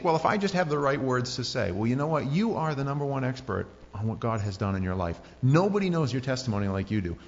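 A man's voice: mid-range voice, creaky, long reverb tail. Man, pastor, conversational sermon, acts out quotes, dull lo-fi sound.

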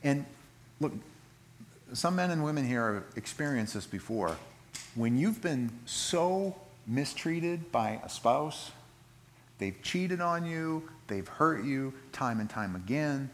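Expressive preacher man. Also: on the high side, unhurried, a little hiss or hum. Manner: expressive, acts out voices in quotes, swings from loud emphasis to quiet reading. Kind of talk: sermon.

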